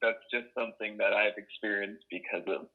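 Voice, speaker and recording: A man's voice: lowish voice, fairly even intonation, normal speed, slightly rough. A young man from Boston telling personal stories in a blunt, profane way, full of casual fillers, heard over a tinny phone-like line. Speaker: oral history interviewee. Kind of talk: casual storytelling.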